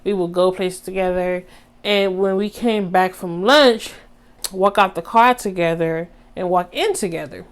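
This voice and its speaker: A young woman vlogger telling a story in a casual, animated way. She talks straight to her viewers in slang, and her voice jumps high for drama. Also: unhurried, clear, resonant tone. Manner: animated, dramatic retelling with sudden high squeaks.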